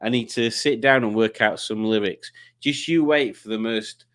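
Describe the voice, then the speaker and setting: A man's voice: lowish voice, moderate pace, fairly bright tone. Male livestream host, casual rambling chat, stumbles and restarts. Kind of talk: casual chat reading comments.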